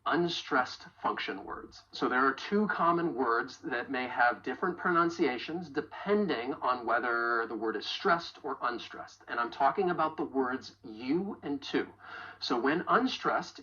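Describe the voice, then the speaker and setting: A woman teaching English pronunciation in a video lesson, carefully modeling example phrases slowly and clearly. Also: rumbling low, expressive, a bit bright, lo-fi sound.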